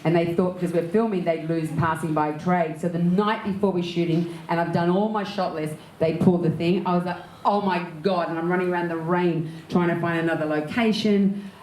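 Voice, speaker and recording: An Australian actress tells her stories with lively energy and frequent laughter. Her voice sits a little low. It carries through a reverberant room with a faint hum of background noise. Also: a little fast. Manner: lively, laughs often while telling anecdotes. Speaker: actor and director, interview guest. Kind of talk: candid storytelling in an onstage conversation.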